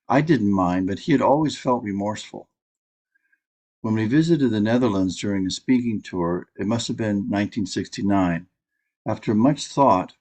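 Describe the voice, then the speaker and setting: A man, a professor, greeting a group politely and then reading a memoir passage aloud in a measured way. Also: lowish voice, a little mellow. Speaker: professor and guest reader.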